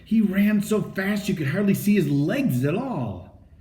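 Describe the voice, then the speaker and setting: A man voicing a chatty, eager little boy in a storybook, talking in an excited way. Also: sits high, unhurried, roomy sound, pitched above the performer's own voice.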